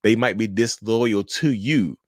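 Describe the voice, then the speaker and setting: A man hosting a casual podcast chat, animated and quick to act out angry quotes, swearing freely. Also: fairly low pitch, dry recording, studio quality. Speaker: podcast host.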